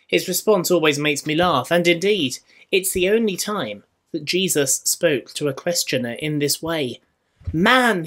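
A man with a Scottish accent preaching a sermon in church, measured and rhetorical, with dry humour. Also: fairly high pitch, a bit bright. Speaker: minister.

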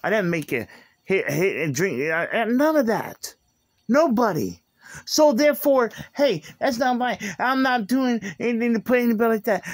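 A man's voice: very high-pitched, big pitch swings, moderate pace, dry recording. A man in an aggrieved, repetitive rant, recorded on a phone. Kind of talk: angry rant to camera.

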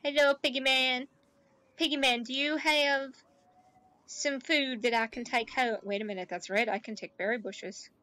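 A woman giving chatty let's play commentary, talking to game characters and gushing excitedly. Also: a little high, moderate pace. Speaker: gaming YouTuber.

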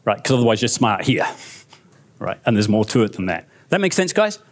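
A man with a New Zealand accent giving a lively, conversational keynote talk on stage, often checking in with the audience. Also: on the low side, fairly quick. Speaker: conference speaker. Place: conference stage.

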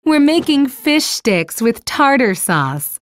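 A woman voicing a cheerful teacher in an animated children's story, speaking in a friendly, clear, instructive way. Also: high-pitched, slow pace, exaggerated voice. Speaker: teacher at a kids' center.

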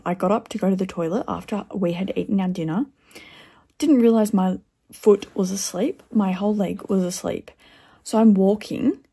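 A woman's voice: on the low side, creaky, dark tone, slightly rough. A woman in her twenties talking casually to the camera in a vlog, chatty and blunt, swearing freely. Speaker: vlogger.

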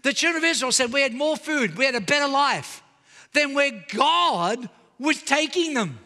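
Male pastor preaching with a piercingly bright voice, lively and pleading. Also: very high voice, moderate pace, long reverb tail. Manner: animated preaching, calls out to the congregation. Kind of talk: sermon. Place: church auditorium.

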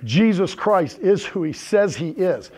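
A man's voice: sits high, expressive, a little slow, warm tone, breathy edge. A male pastor preaching a conversational sermon to his congregation, often checking in with "right?" and "okay?". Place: church sanctuary with congregation.

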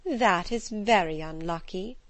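A woman voicing an excitable, fussy middle-aged mother, shrill and insistent, in an audiobook. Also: measured pace, no room sound. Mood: eager.

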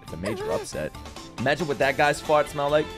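A young man streaming anime reactions from his room, excitable and profane, often breaking into laughter. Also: fairly high pitch, fast talker, over music. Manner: excitable, swears a lot, bursts into laughter. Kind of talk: casual reaction commentary.

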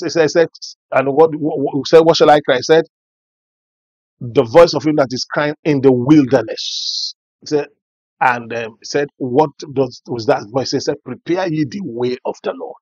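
A man's voice: fairly high pitch, a little mellow, dry recording, muffled recording. A male pastor, preaching and praying fervently, with prayer refrains and speaking in tongues. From Nigeria.

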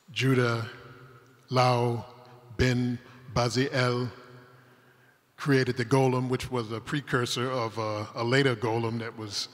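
A man's voice: mid-range voice, a bit bright. A man from Detroit, giving a rambling, humorous storytelling talk on a conference stage, full of asides. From Detroit, Michigan, USA. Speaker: conference speaker. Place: converted industrial hall used as a conference venue. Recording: long hall reverb.

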